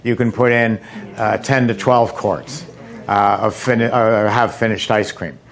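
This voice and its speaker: A man's voice: lowish voice, a little slow. A man presenting at an ice cream seminar, talking casually and joking, with a lot of filler words. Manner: relaxed, joking, hesitant with fillers. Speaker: equipment company presenter. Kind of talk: casual seminar demo talk. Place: seminar kitchen with audience.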